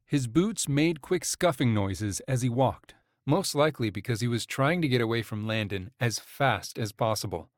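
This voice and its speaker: In scripted narration of a romance audiobook, a man reads in a steady, measured manner. His voice sits in the mid-range, and the studio-quality recording is dry.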